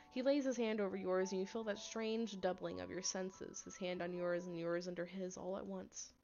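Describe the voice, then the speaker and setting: A woman's voice: medium pitch, steady tone, normal speed, few pauses, darkish tone. A woman streaming a story game, narrating the text aloud and cracking wry, joking asides while reading chat. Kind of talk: casual commentary with reading aloud. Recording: slightly dull lo-fi audio, faint music.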